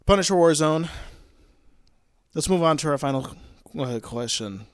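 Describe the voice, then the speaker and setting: A man's voice: on the high side, expressive, unhurried, no echo. A man co-hosting a movie podcast, chatting casually with sarcastic wisecracks. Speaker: podcast co-host. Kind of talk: casual chat.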